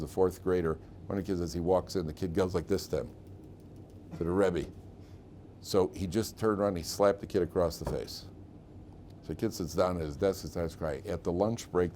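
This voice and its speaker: A middle-aged rabbi lectures his class in a low, conversational voice, winding through stories and repeating his phrases. He keeps checking in with the room. A faint noise sits under the recording. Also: a little mellow. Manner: chatty storyteller, repeats phrases, asks the class questions.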